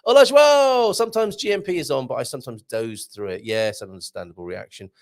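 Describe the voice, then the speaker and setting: Man, live-stream host, chatty and jokey, gravelly voice, lively up-and-down pitch. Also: fast talker. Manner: chatty, jokey, reads out comments. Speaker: live show host reading viewer comments. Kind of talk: casual live-stream chat.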